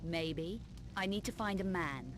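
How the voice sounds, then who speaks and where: A woman's voice: on the low side, unhurried, music in the background, close to an everyday voice. An actress voicing a determined young woman adventurer in a video game, talking in a cool, terse, dry way.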